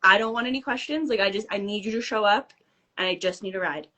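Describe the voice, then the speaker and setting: A woman guest telling a story in casual chat, animated and acting out the dialogue. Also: medium pitch, fast talker.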